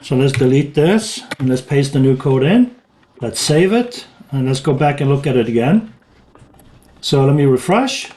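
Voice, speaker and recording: A man narrating a casual screen-recorded software walkthrough, thinking aloud as he goes, with small restarts. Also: mid-range voice, lively intonation, moderate pace, a little hiss or hum. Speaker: tech tutorial presenter.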